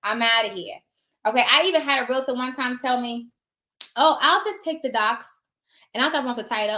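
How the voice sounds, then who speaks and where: A woman's voice: high voice, fairly quick, bright, forceful tone, reverberant. A woman who works as a notary signing agent, giving emphatic, sassy casual advice and acting out her run-ins with other people.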